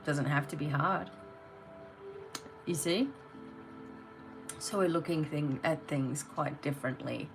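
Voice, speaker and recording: Woman with a low voice doing a tarot reading, blunt and pushy in a motivating way, soft music behind. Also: poor audio. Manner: blunt, motivating, speaks straight to the viewer. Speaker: tarot reader.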